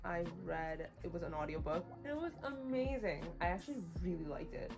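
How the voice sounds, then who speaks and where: A woman with a fairly low, expressive voice talks a little fast as she livestreams, casually discussing books she's read. She's bluntly opinionated and says "like" constantly, with music playing in the background.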